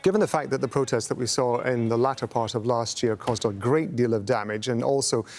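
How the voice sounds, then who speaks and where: Male news anchor, formal and courteous, mid pitch. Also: fairly quick, a little mellow. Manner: polite, formal questioning. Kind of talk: broadcast news interview.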